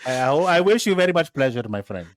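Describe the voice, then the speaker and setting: A man's voice: fairly high pitch, sing-song, fast talker, no echo, studio quality. A man doing a jokey put-on Indian accent. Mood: mock polite.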